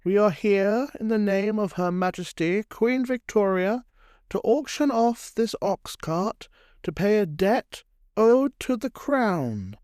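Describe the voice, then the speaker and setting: A man's voice: high voice, expressive, slow, darkish tone, clear, resonant tone, no room sound, clean studio sound, voice pushed up. A man voicing a stiff, officious British colonial sheriff reading out a proclamation in a storybook history tale.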